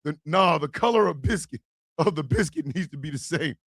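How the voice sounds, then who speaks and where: A man hosting a live talk stream, his voice a bit high and gravelly. He swings wildly up and down in pitch, often breaking into shouts and laughter. The sound is dry and close. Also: lively intonation, brisk, dry recording. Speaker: streaming show host. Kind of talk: live talk show monologue.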